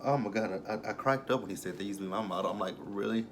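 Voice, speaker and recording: A young man casually recapping a reality show, laughing and swearing freely and mocking the cast in quick asides. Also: sits low, a bit bright, slight background noise. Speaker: YouTube reality-show reviewer.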